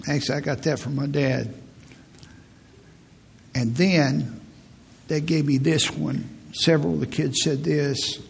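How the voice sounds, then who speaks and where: A man in his fifties with a raspy voice, preaching a folksy, humorous sermon as a pastor. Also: a little high, steady tone, normal speed, long reverb tail. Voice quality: raspy, gravelly. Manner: storytelling, humorous, laughs at own stories.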